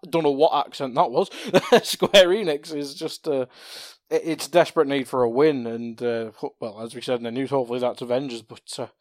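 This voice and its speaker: A man's voice: mid-range voice, a little mellow, no room sound, studio quality. A man co-hosting a casual gaming podcast, chatty, laughing often and stumbling over words. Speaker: podcast co-host.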